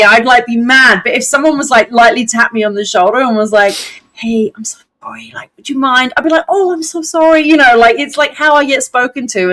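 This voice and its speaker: A middle-aged woman co-hosting a podcast in casual chat, animated and blunt, swearing freely. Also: on the high side. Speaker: podcast co-host.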